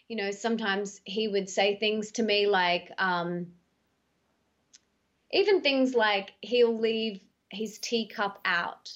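Woman on a podcast, kinda high voice, super emphatic storyteller, muffled lo-fi sound. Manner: emphatic, animated storytelling with drawn-out words. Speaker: podcast guest, author and speaker. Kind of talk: casual conversation. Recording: dull lo-fi podcast audio.

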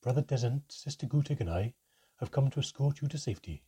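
A man's voice: medium pitch, lively intonation, fast, husky, pitched above the performer's own voice. A man voicing an urgent old goblin priest. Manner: urgent, hushed.

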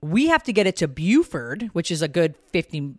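A woman's voice: normal speed, no echo. A middle-aged woman telling a long story in casual chat, swearing freely and acting out other people's lines. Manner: animated, profane, acts out quotes in a high voice. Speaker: podcast host.

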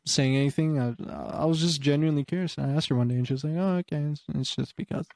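A man's voice: a little high, steady tone, fast, a little mellow, no room sound. A young man casually telling work stories, rambling, full of fillers and swearing. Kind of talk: casual chat.

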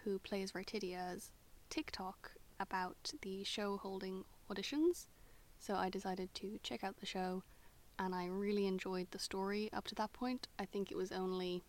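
A woman answers an interview question in a relaxed, easygoing way. Her voice sits at a middle pitch. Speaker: audio drama voice actor.

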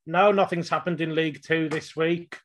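A man's voice: fairly high pitch, fairly even intonation, normal speed. A man co-hosting a football podcast, telling stories in casual chat and laughing. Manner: storytelling, laughing. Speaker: podcast co-host.

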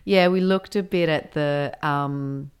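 A woman's voice: low voice, slow pace, clear, resonant tone. A woman performer being interviewed, talking thoughtfully in a rambling way with many restarts. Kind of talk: casual interview talk.

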